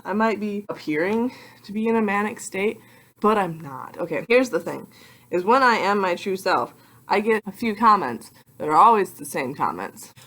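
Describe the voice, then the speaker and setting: A young adult woman vlogging casually to her computer webcam, rambling and excitable with self-mocking asides. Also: mid-range voice, moderate pace. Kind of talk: casual vlog talk to camera.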